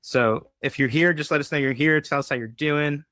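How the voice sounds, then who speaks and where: A man's voice: a little high, brisk, sharp tone, no room sound, studio quality. Laid-back man hosting a casual live chat. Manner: easygoing, rambling, joking. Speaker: podcast co-host.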